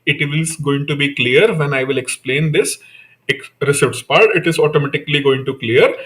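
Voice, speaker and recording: A man's voice: a little high, moderate pace, fairly bright tone. A man teaching an online exam-prep class, repeating key phrases and asking rhetorical questions he then answers. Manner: addresses students by name. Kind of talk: live online lecture.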